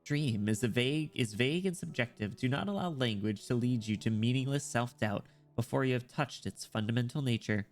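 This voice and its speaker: A man reading aloud the lines of a cold, matter-of-fact female priestess, flat and emotionless. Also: medium pitch, a little fast, few pauses, soft background music, close to an everyday voice. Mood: detached.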